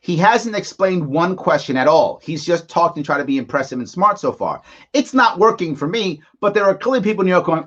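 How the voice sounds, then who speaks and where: A man's voice: high voice, animated, fairly quick, a bit bright, dull audio. A man hosting a live commentary show, mocking and sarcastic as he reacts to a press conference. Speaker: host.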